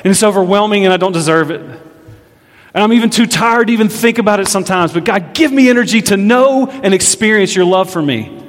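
A man preaching a sermon in a church, in a conversational style with lively storytelling. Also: high voice, a little fast. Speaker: pastor. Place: church sanctuary. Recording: long reverb of a large hall.

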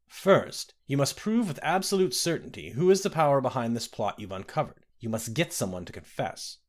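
A man reading an audiobook, voicing a polite but firm noblewoman who speaks in a lively way. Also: mid-range voice, normal speed, close to an everyday voice. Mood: gracious. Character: gracious noblewoman, self-deprecating, firm. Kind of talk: audiobook character voice.

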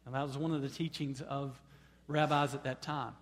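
A man's voice: level tone, moderate pace. Man preaching in an echoing hall. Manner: preaching with surges to loud, high-pitched proclamation; repeats words when starting phrases. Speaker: pastor. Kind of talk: sermon.

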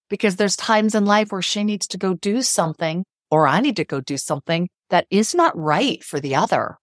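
This middle-aged woman psychotherapist, a guest in a podcast interview, has a mid-range voice captured in a dry, studio-quality recording. Earnest and emphatic, she repeats phrases to hammer her point home.

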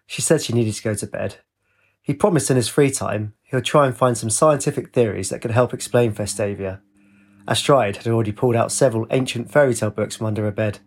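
A man narrating a story in a steady, even reading voice. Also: medium pitch, slightly rough. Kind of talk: audiobook narration.

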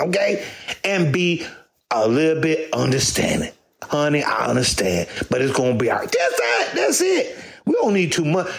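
Man for a crude comedy rant, high voice, wildly animated, gravelly. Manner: loud, sassy, swings high and low, shouting bursts.

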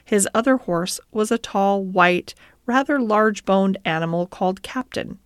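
Woman audiobook narrator, mid pitch, gentle storytelling, dry close recording. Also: unhurried, clear, resonant tone, no room sound. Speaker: audiobook reader. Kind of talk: scripted narration.

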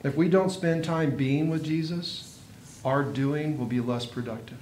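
A man preaching a sermon, earnest, with dramatic pauses and swelling emphasis. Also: a little mellow. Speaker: pastor. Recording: echoey room with faint noise and rumble.

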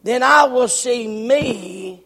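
High-voiced shouting preacher. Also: male voice, drawn-out words. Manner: shouting, repeating words for emphasis. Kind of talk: sermon. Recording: long hall reverb.

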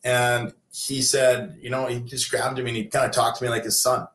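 A man's voice: mid-range voice, level tone, moderate pace, fairly bright tone. Rambling storyteller man, echoey room. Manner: rambling, many fillers and restarts. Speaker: interview guest, former pro hockey player turned coach. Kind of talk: casual storytelling.

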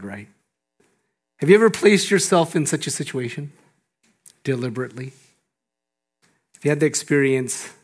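Male pastor, sermon, slightly high voice, animated, shifts from loud emphasis to hushed lines. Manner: laughs often between phrases.

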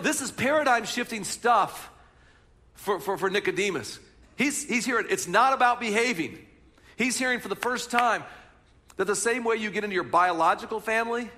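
High, bright-voiced pastor preaching. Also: male voice. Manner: animated storytelling, talks to the congregation. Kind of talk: sermon.

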